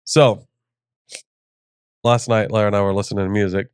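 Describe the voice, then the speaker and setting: A man's voice: lowish voice, level tone, normal speed, clear, resonant tone, no echo, clean studio sound. A young man co-hosting a casual chat, a joking storyteller who acts out voices. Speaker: co-host.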